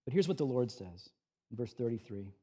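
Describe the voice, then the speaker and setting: Animated and a little fast, with a breathy edge, the pastor works through an expository sermon. He moves between quiet, low reflection and urgent, raised emphasis while paraphrasing scripture casually.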